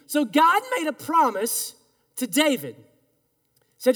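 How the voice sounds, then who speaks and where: A man's voice: extremely high pitch, sing-song, unhurried, pauses often, fairly bright tone. A male pastor preaching a sermon in earnest, emphatic tones, leading the congregation in call-and-response. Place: church sanctuary. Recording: long reverb of a large hall.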